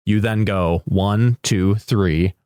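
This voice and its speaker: A man's voice: fairly low pitch, slow pace, mellow, smooth, no echo, clean studio sound. A man co-hosting a podcast, chatting casually about a movie, rambling and swearing now and then. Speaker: podcast co-host.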